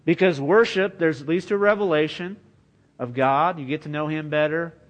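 A man's voice: on the high side, normal speed. A man preaching a sermon in an earnest, conversational way, often saying "you know" as he goes. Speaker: pastor.

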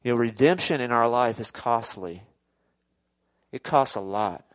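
A man preaching a sermon in an animated, conversational way, acting out scenes dramatically. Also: mid-range voice, measured pace, dry recording. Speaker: pastor.

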